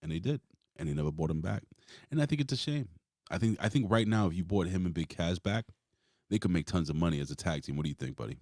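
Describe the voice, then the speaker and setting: Low-voiced dude hosting a wrestling podcast, rambly and loose, dry close mic. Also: male voice, lively intonation, quick pace, a little mellow, no room sound. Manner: loose, rambling, swears casually. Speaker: podcast host. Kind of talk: casual wrestling review chat.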